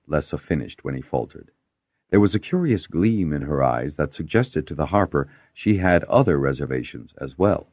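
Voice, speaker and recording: In a creaky voice at a moderate pace, a man narrates a fantasy audiobook, giving each character a distinct voice through lively pitch shifts. The sound is clean studio audio with no room sound.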